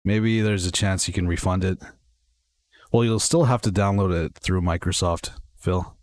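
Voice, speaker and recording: Young man, very low voice, casual livestream chatter, rambling. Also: normal speed, dry recording. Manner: rambling, chatty, talks to chat while playing. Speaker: streamer. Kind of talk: casual gaming livestream chat.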